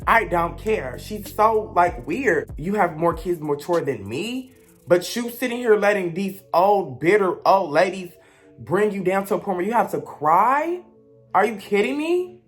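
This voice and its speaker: A young woman, telling a blunt, gossipy storytime rant as a vlogger. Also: medium pitch.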